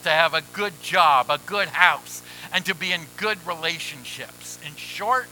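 A man preaching a sermon as pastor, measured and emphatic with deliberate pauses. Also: sits high, sharp tone, rough recording.

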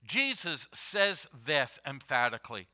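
A man preaching a Sunday sermon as pastor, deliberate and emphatic, repeating key phrases for weight. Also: mid-range voice, very animated, bright, forceful tone.

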